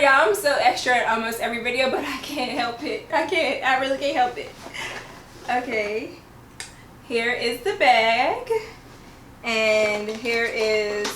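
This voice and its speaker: A woman's voice: on the high side, a bit bright, a little hiss or hum. Gushing woman in a roomy room. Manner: gushing, chatty, keeps correcting herself. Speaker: YouTuber and English teacher. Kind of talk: excited unboxing vlog. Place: at home, indoors.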